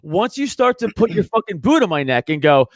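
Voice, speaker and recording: A man with a high-pitched voice rants emphatically on a podcast as a comedian guest, swearing freely and pressing his points hard. The recording is close and dry, with no room sound. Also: sing-song, a little fast, no echo. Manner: emphatic, profane ranting. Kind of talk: casual podcast chat.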